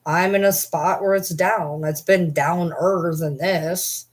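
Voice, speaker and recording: A woman's voice: lowish voice, fairly even intonation, slow. A young woman vlogger chatting candidly and rambling with her viewers, swearing now and then. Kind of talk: casual chat.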